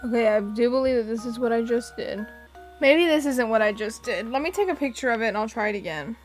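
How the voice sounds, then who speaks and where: A young woman chatting casually as she plays a puzzle game, giggling and thinking out loud. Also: a little high, expressive, fast talker, soft background music. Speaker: game streamer. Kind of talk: casual let's-play chat.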